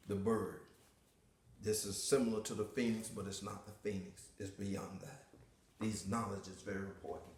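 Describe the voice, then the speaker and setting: Emphatic American preacher in echoey room. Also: male voice. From United States. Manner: emphatic, repeats key phrases, swings between quiet and booming. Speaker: religious teacher. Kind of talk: impassioned sermon-style teaching. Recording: echoey room, voice far from the mic.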